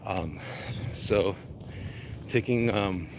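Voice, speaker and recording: Strolling through the cold, this man talks very slowly in a lowish voice, rambling on his walk-and-talk livestream and answering the live chat by reading comments out. There's slight background noise.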